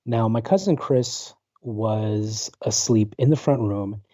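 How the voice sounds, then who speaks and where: Man in his forties, guest on a call, rambling storyteller, low mellow voice, dull lo-fi audio. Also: slow pace, dry recording. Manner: rambling, full of fillers and restarts. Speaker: guest, paranormal researcher. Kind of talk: casual storytelling interview. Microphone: video call.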